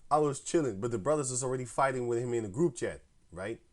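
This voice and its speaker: A man tells a long rambling story in slangy, profane street talk. He jumps into the voices of both sides of a heated phone fight, getting loud and high when the story heats up. His pitch sits in an ordinary middle range. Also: expressive, fast. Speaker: camp member telling a story. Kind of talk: casual storytelling rant.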